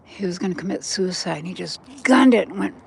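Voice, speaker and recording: Older woman, low gravelly voice, chatty walk-and-talk vlogger filming on a phone by a cold river. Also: expressive, fast, darkish tone. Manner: chatty, meandering, talks straight to viewers. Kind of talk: rambling walk-and-talk vlog. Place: outdoors by a river in cold weather.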